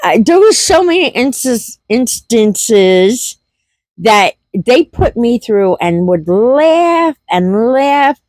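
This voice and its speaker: Middle-aged woman, vlog storyteller, unhurried, close dry sound. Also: on the high side, big pitch swings, a little mellow, no room sound. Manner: laughs through her story, repeats herself. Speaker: homestead vlogger. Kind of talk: casual storytelling.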